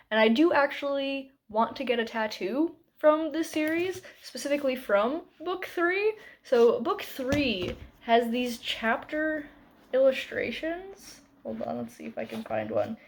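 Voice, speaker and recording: A woman chats casually to her camera about books in an upbeat way. Her voice sits a little high, and she fills her talk with "like" and "um" as she goes. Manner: chatty, upbeat, lots of "like" and "um". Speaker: book vlogger.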